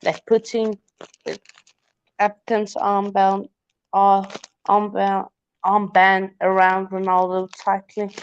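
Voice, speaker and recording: A woman's voice: mid-range voice, monotone, slow pace, long pauses, slight background noise. A woman co-hosting a football watchalong, playful, chanting and heckling in casual chat. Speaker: co-host. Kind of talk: casual live commentary chat. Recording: muffled lo-fi mic.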